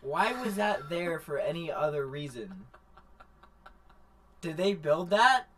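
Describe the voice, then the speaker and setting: A man's voice: on the high side, sing-song, slow pace, a bit bright. A man co-hosting an anime review stream, chiming in with incredulous questions. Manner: incredulous interjections. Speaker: co-host.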